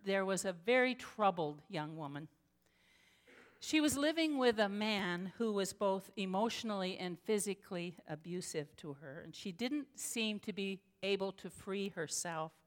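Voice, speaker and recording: Slow, earnest woman preaching in a hall. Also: medium pitch. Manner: slow, earnest storytelling with dramatic pauses. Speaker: pastor. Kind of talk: sermon. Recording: long hall reverb.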